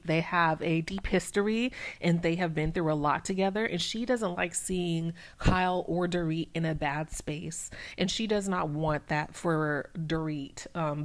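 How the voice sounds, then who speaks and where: A woman with a slightly low voice talks through a reality show episode in a loose, chatty way. She fills her sentences with ums and likes and keeps her retelling animated. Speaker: recap channel host. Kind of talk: casual TV recap.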